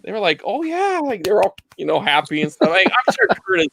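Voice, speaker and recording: A man in his thirties on a video call, telling a funny work story in a casual, animated way. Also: quick pace, gravelly, slight background noise. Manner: animated storyteller, jumps into high voices for quotes. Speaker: guest on live vinyl chat. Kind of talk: casual anecdote on a live stream.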